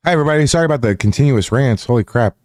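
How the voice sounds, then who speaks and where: A man's voice: mid-range voice, animated, rapid-fire, darkish tone, slight background noise. Profane, combative male livestreamer. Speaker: livestream host. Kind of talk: live stream commentary rant.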